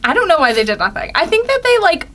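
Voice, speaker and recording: A young woman co-hosting a podcast, bubbly and quick to laugh, leaning on "like" as she talks. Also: very high-pitched, big pitch swings, sharp tone. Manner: bubbly, laughs often, heavy use of "like". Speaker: podcast co-host. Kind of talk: casual chat.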